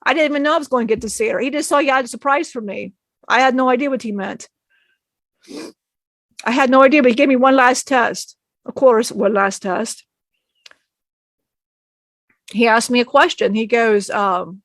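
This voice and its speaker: A woman's voice: on the high side, normal speed, pauses often, fairly bright tone, no room sound. A woman channeling a spirit, telling an emotional personal story in a rambling way, often acting out what others said and laughing.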